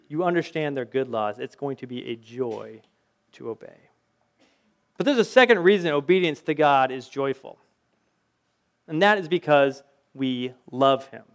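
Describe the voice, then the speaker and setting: High-voiced man preaching conversationally. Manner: conversational preaching, anecdotes, rhetorical questions. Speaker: pastor. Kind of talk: sermon.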